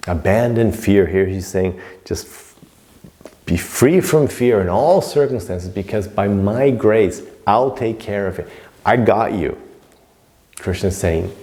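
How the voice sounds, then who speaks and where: A man teaching a scripture class in an informal lecture, emphatic and repetitive, sometimes dropping to a soft hush. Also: on the low side, slow.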